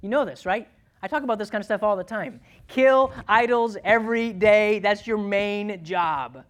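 A man's voice: high-pitched, moderate pace, a bit bright. A man preaching a sermon in an emphatic, conversational way, often checking in with "okay?" and "right?". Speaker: pastor.

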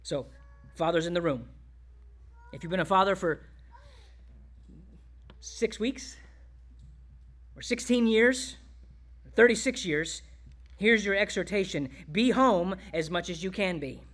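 A male pastor preaching a sermon, exhorting the congregation and dropping to quiet, tender asides. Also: high voice, animated, unhurried, pauses often.

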